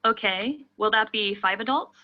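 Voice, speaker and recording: A woman's voice: on the high side, moderate pace, lightly acted. A woman playing a polite ticket clerk in a scripted lesson dialogue. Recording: dull lo-fi audio.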